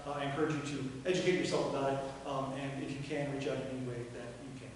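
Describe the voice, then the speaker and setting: Halting man in an echoey hall. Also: medium pitch, fairly even intonation. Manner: halting, many fillers. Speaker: speaker at a live reading event. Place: performance venue. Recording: echoey hall from far off with noise.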